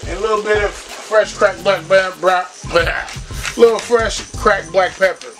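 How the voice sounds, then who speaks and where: A man's voice: high voice, unhurried, over music. A man hosting a home cooking show, chatting casually and walking viewers through each step in his kitchen.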